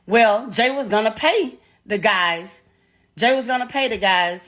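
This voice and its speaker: A woman's voice: a little high, unhurried, fairly bright tone. A middle-aged woman with a Southern US accent, telling a raw, profane and distressed personal account as a grieving mother. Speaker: mother of the deceased, interviewee.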